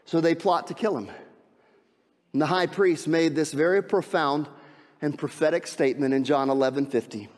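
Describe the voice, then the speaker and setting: A man with a slightly high voice preaches a sermon in a big room with a long reverb tail. He drops to a hushed, slow delivery and then climbs to loud, excited preaching. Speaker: pastor.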